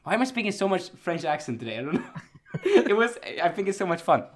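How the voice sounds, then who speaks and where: A man's voice: high-pitched, sing-song, fast talker. A young man co-hosting a casual anime chart chat, ranting with frequent laughter. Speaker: anime season chart co-host.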